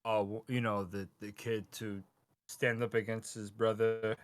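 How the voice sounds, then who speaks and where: A man's voice: on the low side, flat delivery, unhurried. A man co-hosting a podcast, explaining plot points and tossing in joking asides. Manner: jokey, throws in wisecracks. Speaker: podcast co-host. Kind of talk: casual chat.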